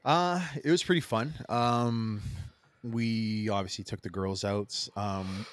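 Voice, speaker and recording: A man co-hosting a podcast, rambling through animated stories and acting out what people said. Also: lowish voice, slow pace, dry recording. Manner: rambling, animated storyteller who acts out quotes. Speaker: podcast co-host. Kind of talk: casual chat.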